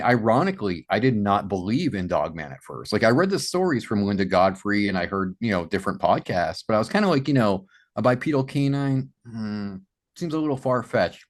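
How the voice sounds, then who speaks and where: A man with a fairly low speaking voice tells a long personal story as a podcast guest. He grew up in Massachusetts and speaks with animated energy, leaning on "you know" as he goes. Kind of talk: storytelling in an interview.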